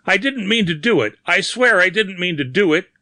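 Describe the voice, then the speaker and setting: A man's voice: animated, moderate pace, sharp tone, dry recording. A man voicing a terrified bearded stranger. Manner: panicked, gasping, high-pitched pleading.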